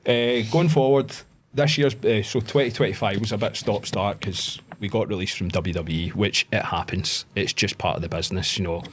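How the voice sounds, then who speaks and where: A Glaswegian man in his thirties, a pro wrestler, chatting as a guest and telling animated stories with plenty of swearing. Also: fairly low pitch, normal speed, few pauses, a little hiss or hum. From Scotland. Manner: animated storyteller, swears, acts out voices in anecdotes. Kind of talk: casual storytelling chat.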